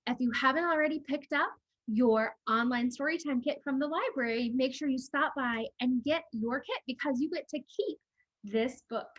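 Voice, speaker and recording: A woman librarian leading a children's storytime, reading a picture book aloud in a slow, animated way and asking the young listeners questions. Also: high-pitched, dry recording, dull audio.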